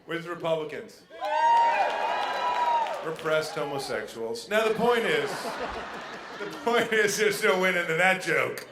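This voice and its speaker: A man doing a brash, animated stand-up comedy set on a casino stage, hopping into quick character voices. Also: fairly high pitch, noisy background. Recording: echoey venue with faint ambience.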